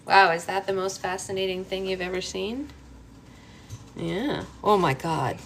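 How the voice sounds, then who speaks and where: Woman, mom vlogger, thirties, animated, self-mocking, baby talk, noisy home recording. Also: mid-range voice, measured pace, vocal fry. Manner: animated and exclaiming, laughs at herself; sing-song baby talk to her infant. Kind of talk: casual vlog chat.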